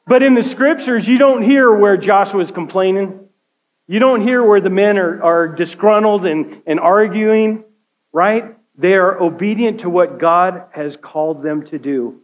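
A man preaches in a high, light voice, talking to his church more than lecturing it. He keeps checking in with "right?" and "okay?" as he goes. The recording is dull and a little lo-fi, as if captured in a church sanctuary. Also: unhurried. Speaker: care pastor. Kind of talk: sermon.

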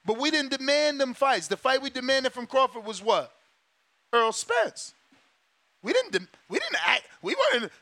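Male boxing talk host, sharp bright tone, casual emphatic rant full of repetition and swearing. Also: extremely high pitch, big pitch swings, moderate pace, no room sound. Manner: emphatic, profane, repeats himself.

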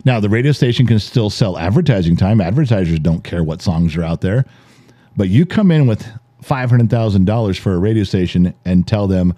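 A man in his forties, co-hosting a podcast and telling animated stories in casual chat, acting out the dialogue and swearing freely. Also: lowish voice, a little fast, no room sound. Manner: animated storyteller, acts out quoted dialogue, swears. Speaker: podcast co-host.

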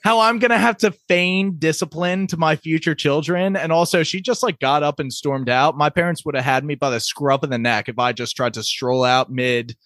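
Excitable young man recapping TV. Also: a little high, dry recording, clean studio sound. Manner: excitable, jokey, quick asides. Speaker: podcast co-host. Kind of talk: casual TV recap chat.

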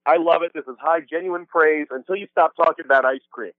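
A male caller joins a comedy podcast over a phone line, his voice sitting fairly high for a man. The line sounds dull and lo-fi, with no room around it. He chats casually and keeps a dry, joking tone. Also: fairly quick, dry recording. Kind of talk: casual comedic call-in chat.

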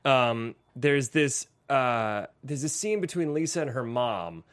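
A man's voice: medium pitch, lively intonation, takes it slowly, a bit bright. A young man co-hosting a casual movie-review chat, rambling and profane, often breaking into laughter. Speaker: podcast co-host.

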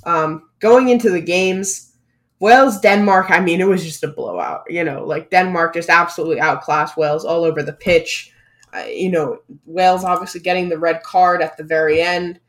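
A podcast co-host giving a steady, methodical run-through of football results in casual chat. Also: mid-range voice, normal speed.

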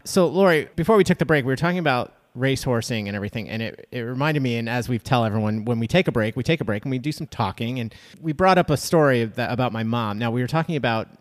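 A man's voice: mid-range voice, expressive, quick pace, few pauses. A man co-hosting a podcast, telling a long story in casual chat, rambling with restarts and acting out quotes. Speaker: podcast co-host.

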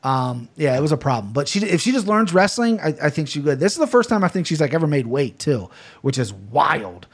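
A man's voice: on the high side, very animated, brisk, slightly rough. Rambling, profane man hosting a podcast. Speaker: podcast host. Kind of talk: casual chat.

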